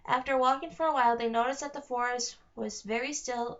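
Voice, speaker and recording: A woman reading a children's novel aloud, careful and steady, with small slips. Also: fairly high pitch, quick pace, few pauses, lo-fi sound. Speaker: reader. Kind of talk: read-aloud narration.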